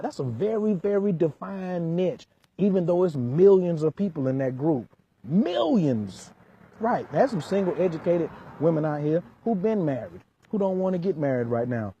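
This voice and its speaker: A man's voice: on the high side, warm tone, slightly rough, dry recording, dull audio. A man working as a relationship coach, lecturing hard in an emphatic vlog rant full of street slang.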